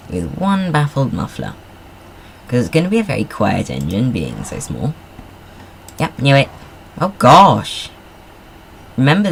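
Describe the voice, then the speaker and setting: A man's voice: mid-range voice, creaky, slight background noise. A man giving casual, rambling commentary while playing a car design game. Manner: rambling, chatty, self-deprecating asides. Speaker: gamer.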